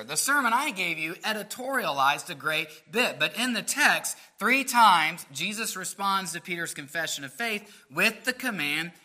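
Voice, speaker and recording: A man's voice: sits high, sharp tone. A man preaching a sermon, asking rhetorical questions in an earnest, explaining way. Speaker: pastor.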